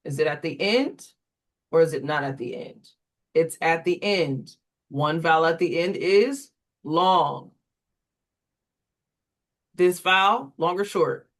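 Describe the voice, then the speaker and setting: Slow steady reading tutor doing phonics drills, spells stuff out letter by letter, mid pitch. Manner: slow, deliberate call-and-response prompting; steps aside to explain in a lower, quicker voice.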